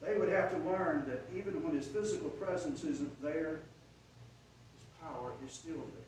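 High-voiced preacher in an echoey room. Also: male voice, moderate pace. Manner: storytelling, swells loud in dramatic moments. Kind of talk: sermon. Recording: echoey room from far off, faint noise.

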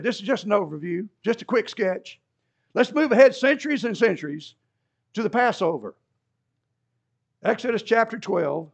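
Guy preaching, kinda high voice with some gravel, jokey asides, muffled lo-fi sound. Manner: conversational preaching with asides and wry humor. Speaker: pastor. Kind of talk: sermon. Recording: dull lo-fi recording.

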